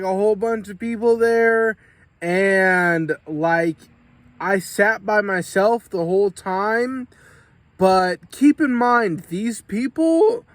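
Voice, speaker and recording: A man's voice: sits high, no echo. An American man telling a rambling, profane story in a casual vlog while drinking and coughing. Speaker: vlogger.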